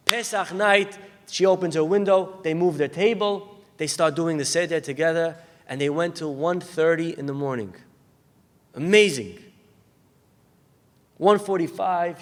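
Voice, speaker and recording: A man as a rabbi, giving a sermon made of stories and acting out the voices of the people in them. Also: on the high side. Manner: acts out the people in his stories with lively voice changes. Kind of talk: sermon storytelling. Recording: long hall reverb.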